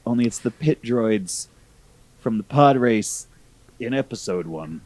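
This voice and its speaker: A man's voice: mid-range voice, a little slow, dry recording. A man filling in as guest on a casual podcast, riffing with jokes and pop-culture comparisons. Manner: animated, jokey, mimics characters. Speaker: guest co-host. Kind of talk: casual review chat.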